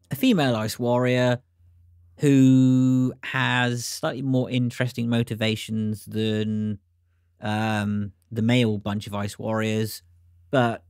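A man's voice: medium pitch, clear, resonant tone, no room sound, clean studio sound. An Englishman co-hosting a podcast, giving blunt opinions, teasing dryly and swearing casually. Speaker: podcast co-host. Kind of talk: casual podcast review chat.

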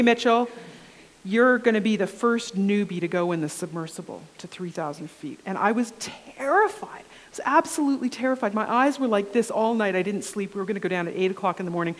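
Woman journalist at a conference lectern, vivid storyteller; mid-pitched voice, long hall reverb. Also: brisk. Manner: animated storyteller, acts out quoted dialogue. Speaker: keynote speaker. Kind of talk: storytelling keynote talk.

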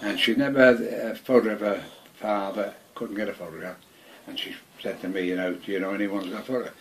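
A man's voice: lowish voice, steady tone, brisk, fairly bright tone, slight background noise. An older man, recalling his war service in casual conversation at home, rambling, repeating himself and swearing freely. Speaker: veteran interviewee. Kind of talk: casual reminiscing.

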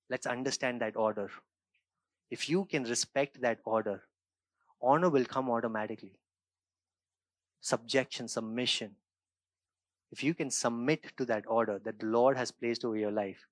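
A man's voice: mid-range voice, no room sound. A male pastor from India preaching a sermon in an emphatic, building manner. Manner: emphatic, preaching with rising intensity.

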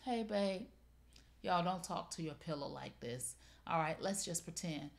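A middle-aged woman hosts a live shopping show, pitching deals playfully and chatting directly to her viewers. She speaks at a normal speed with a creaky voice.

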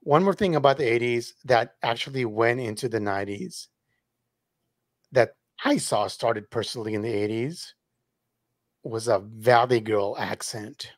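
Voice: mid-range voice, a little slow, dry recording, clean studio sound. A podcast co-host chatting casually in a rambling, laughing way. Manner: rambling, laughs often, lively. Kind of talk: casual chat.

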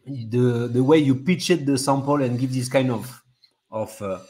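A man's voice: medium pitch, unhurried, darkish tone. A young man who is not a native English speaker hosting a casual livestream, hyping people up and repeating himself with lots of fillers. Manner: hyped, repetitive, lots of fillers. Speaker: livestream host.

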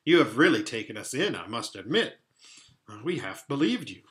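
A man's voice: mid-range voice, very animated, moderate pace, fairly bright tone. A man playing a confident, teasing big brother. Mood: firm. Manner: teasing, brotherly, then firm. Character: confident, good-natured older boy. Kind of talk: storybook read-aloud.

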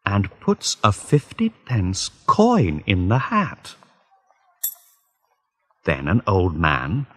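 A male reader narrates a graded story at a very slow, deliberate pace. His voice is fairly low and slightly husky, with a widely rising and falling tone. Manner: deliberate, clearly spaced phrasing.

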